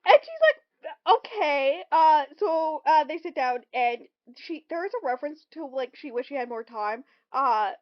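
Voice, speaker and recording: A woman co-hosting a podcast, casually recapping a film with lots of ums and quick acted-out quotes. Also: sits high, very animated. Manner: rambling, lots of ums, acts out quotes in bursts. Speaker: podcast co-host. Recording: dull lo-fi recording.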